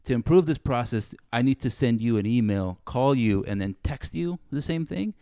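A man's voice: medium pitch, animated, moderate pace, warm tone, no room sound. Man ranting in a dry studio. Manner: ranting, acts out both sides of arguments. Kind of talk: casual chat. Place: studio under bright lights.

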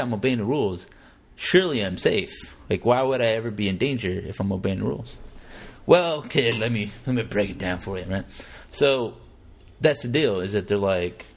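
A man talking casually as a podcast host, animated and profane, acting out quotes in exaggerated voices. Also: fairly low pitch. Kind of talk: casual conversational commentary.

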